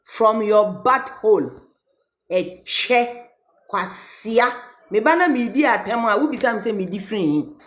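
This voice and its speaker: A woman's voice: a little high, expressive, unhurried, roomy sound. A woman with a Ghanaian accent, ranting mockingly in a casual reaction video and reading a letter aloud. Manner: mocking, switching between English and Twi, reading a letter aloud. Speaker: social media commentator.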